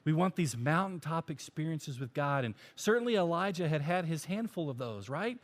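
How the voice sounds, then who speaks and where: A man's voice: a little high, animated, moderate pace. A male pastor giving a sermon, climbing to emphatic peaks and dropping to near whispers.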